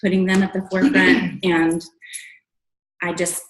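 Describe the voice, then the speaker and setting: A woman telling an excited testimonial at a training meeting, laughing often and bursting into loud exclamations. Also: lowish voice, unhurried. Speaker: distributor sharing a story. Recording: echoey room.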